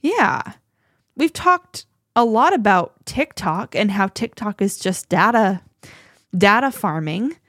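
Woman podcast cohost, chatty and animated, keeps restarting, dry close mic, mid pitch. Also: slow pace, no echo. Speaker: podcast co-host. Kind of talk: casual conversation.

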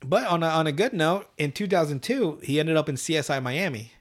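A man hosting a casual podcast, recapping a cartoon episode with swearing, laughter and quick asides. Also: on the high side. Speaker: podcast host.

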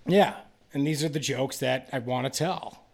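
A man's voice: moderate pace, creaky. A young man hosting a casual podcast, telling a long rambling story and acting out the people in it. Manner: rambling storyteller, acts out quotes in a higher voice. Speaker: podcast host and comedian.

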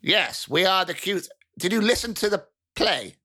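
A game master plays a mouse-folk queen in a tabletop game, chatty and quick to take offence. Her voice is bright and forceful and sits at an everyday middle pitch. She rambles along casually and turns indignant whenever her people's cuteness is questioned. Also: expressive.

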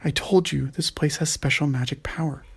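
Casting: tricky female elf, sly and bossy, gravelly read, by a man. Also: on the high side, steady tone, normal speed, heavily acted.

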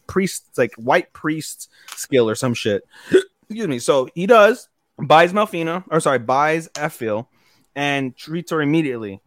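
Young dude podcast host, rambly and sweary, bounces into quick character voices, mid pitch, dry mic. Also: male voice, fairly bright tone, no room sound. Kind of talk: casual anime recap.

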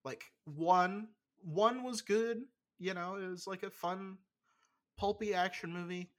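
This young adult co-host speaks at medium pitch with a fairly bright tone during a casual podcast chat. The delivery is loose and halting, heavy on fillers, with blunt opinions and plenty of swearing.

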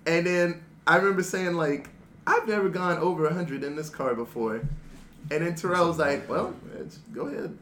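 A man telling animated, laughing stories among friends and acting out their lines. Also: a little high, normal speed. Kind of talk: casual storytelling among friends. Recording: echoey room, noisy background.

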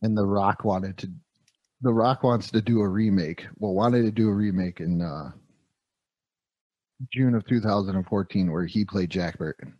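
A man's voice: on the low side, normal speed, darkish tone, dry recording, highs cut off. A man hosting a casual movie review podcast, rambling enthusiastically about action heroes. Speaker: podcast host.

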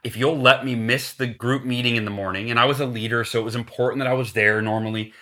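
A man's voice: medium pitch, fast talker. A man telling a motivational sales story as a podcast guest, acting out the quoted lines. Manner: animated, acts out quotes, motivational.

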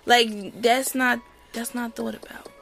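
A woman co-hosting a podcast in casual chat, soft-spoken and gushing, sometimes dropping almost to a whisper. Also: a little high, fairly even intonation, measured pace, vocal fry. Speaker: podcast co-host.

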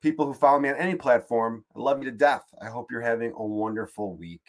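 A podcast host with a medium-pitched voice talks at a quick pace, rambling through a casual comedic monologue on his own show and swearing freely.

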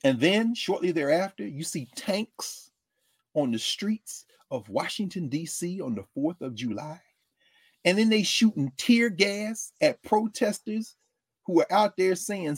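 A man giving a lively, conversational political commentary monologue, often acting out quotes from others. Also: high voice, unhurried, no room sound, studio quality. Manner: animated, conversational, quoting others in character.

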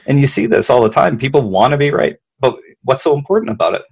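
A man's voice: mid-range voice, quick pace, vocal fry, breathy edge. A man, a leadership consultant, explaining emotions conversationally, often repeating words and checking in with "right?".

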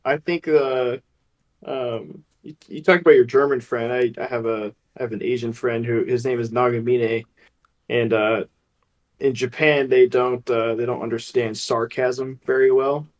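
A man co-hosting a casual podcast who tells anecdotes with animation and plenty of laughter. His voice sits at a middle pitch. He talks in an easy, chatty way. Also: fairly even intonation, a little slow. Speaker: co-host. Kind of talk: casual storytelling.

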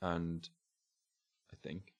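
A man co-hosting a podcast, telling stories in a quiet, hesitant, low-key way. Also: fairly even intonation, extremely slow, muffled recording. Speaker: podcast co-host. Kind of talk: casual chat.

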